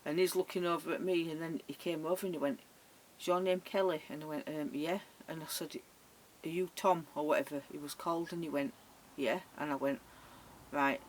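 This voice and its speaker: A woman's voice: sits low, steady tone, a little fast, slight background noise. A woman telling funny dating stories in a chatty, laughing way, acting out the other people's lines. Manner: chatty, laughing, acts out voices. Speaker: vlogger. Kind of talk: casual storytelling.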